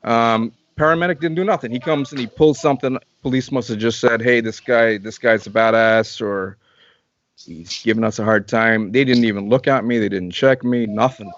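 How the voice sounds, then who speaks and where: A man's voice: mid-range voice, fairly even intonation, moderate pace, fairly bright tone, muffled recording, slight background noise. A man from Canada, a guest in an interview, tells a long personal story in casual talk, repeating and restarting phrases as he goes.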